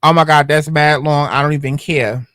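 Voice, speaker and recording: A man's voice: fairly high pitch, fairly even intonation, normal speed, a bit bright, no room sound, clean studio sound. A man hosting a commentary channel, reading out text messages and reacting with sassy, slangy, sarcastic asides.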